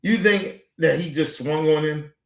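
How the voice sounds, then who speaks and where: A man ranting on his stream, voice pitched a bit high, swearing freely and hammering the same points again and again. The room around him rings with echo. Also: a little slow. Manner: profane, animated, repetitive. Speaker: streamer host. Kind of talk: heated commentary.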